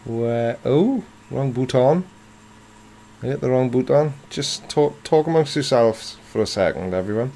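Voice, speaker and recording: A man's voice: medium pitch, expressive, measured pace, gravelly, mellow, a little hiss or hum. A man in his forties from South Wales with a Welsh accent, hosting a live stream and answering chat in a dry, self-mocking, playful way. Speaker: livestream host reading chat.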